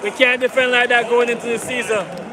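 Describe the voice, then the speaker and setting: High-voiced man livestreaming from a stadium. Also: little pitch movement, brisk. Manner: repetitive, hyping, begs for likes. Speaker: football fan livestreamer. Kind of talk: live match commentary stream. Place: stadium stands among fans. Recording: loud crowd and outdoor noise. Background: stadium crowd.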